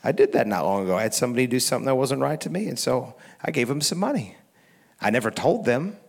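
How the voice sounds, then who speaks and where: A middle-aged pastor preaching a sermon, telling stories in a relaxed, conversational way with restarts and chuckles. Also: male voice, medium pitch, fast talker, gravelly. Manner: conversational storytelling with frequent laughs and restarts.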